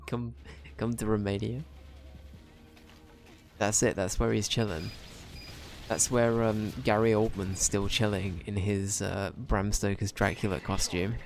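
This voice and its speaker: A man's voice: fairly low pitch, steady tone, measured pace, long pauses, soft background music. A young man chatting casually on a game stream, rambling and swearing as he jokes with chat. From Britain.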